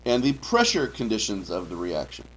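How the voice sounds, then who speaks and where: A man's voice: lowish voice, huge pitch swings, moderate pace, slight background noise, rough recording. A man teaching a chemistry class, lecturing with frequent "okay" checks and dry joking asides. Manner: drills key terms, frequent "okay" checks. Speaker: high school chemistry teacher.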